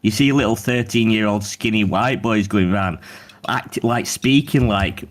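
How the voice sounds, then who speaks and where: A man's voice: fairly low pitch, moderate pace. A man co-hosting a casual livestream chat, blunt and crude. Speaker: co-host.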